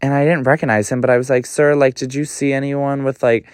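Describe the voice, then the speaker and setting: A young man hosting a podcast, telling a story casually in an animated, gossipy way, swearing a lot and often jumping up in pitch. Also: fairly quick, clean tone, no room sound. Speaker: podcast host.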